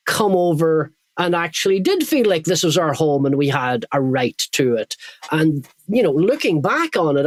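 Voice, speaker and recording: A man's voice: fairly high pitch, dry recording. Irish guy in middle age talking earnestly on a podcast, keeps restarting to find the words, dry close sound. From Ireland. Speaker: guest. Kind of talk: podcast interview.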